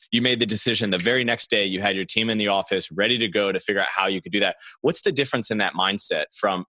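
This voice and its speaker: A man's voice: lowish voice, bright, forceful tone, no echo. A man hosting a podcast, asking earnest, encouraging interview questions. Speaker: podcast host.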